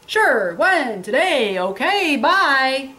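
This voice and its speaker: A woman voicing a male wolf who spins a sly tale, in a high theatrical read-aloud voice. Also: sing-song, very slow, pushed and bright, exaggerated voice. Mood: hurried. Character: male big bad wolf, sly storyteller.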